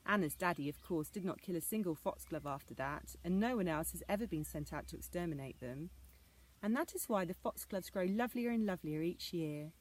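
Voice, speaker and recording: A woman reading an old fairy tale aloud as a storyteller, in a measured storybook manner. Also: fairly low pitch, lively intonation.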